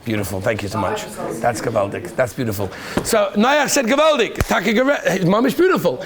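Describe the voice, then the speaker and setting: Animated high-voiced rabbi teaching a class. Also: male voice, fairly quick, noisy background. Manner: animated, quizzes students by name and praises answers. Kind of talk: lively classroom lesson.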